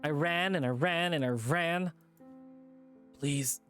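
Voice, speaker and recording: A haunted young lynx boy, stammering and halting as he breaks into sobs, read by a game streamer. His voice sits at a middling pitch, with soft music playing quietly behind. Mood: distraught. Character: frightened young male lynx, haunted and grieving.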